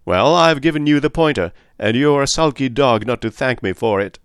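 A man voicing a gruff, good-humoured middle-aged police captain who talks in a bluff, bantering way. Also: mid-range voice, animated, moderate pace, dry recording, studio quality, pitched above the performer's own voice, natural voice.

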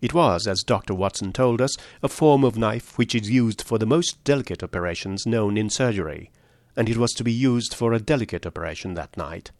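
A man reading a story aloud, voicing a shrewd male detective who lays out his deductions in a measured, precise way. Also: fairly low pitch, expressive, a little mellow, no room sound. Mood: explaining.

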